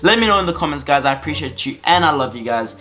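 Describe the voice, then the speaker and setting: Animated young man telling a story. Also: on the high side, fast. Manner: animated, laughing, dramatic exaggeration. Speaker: vlogger. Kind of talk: comic storytime.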